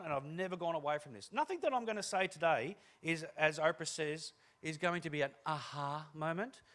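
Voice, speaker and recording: Lively joking Australian man on stage. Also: sits high. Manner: animated, joking storyteller. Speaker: keynote speaker. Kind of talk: comic motivational keynote talk. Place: room with a live audience.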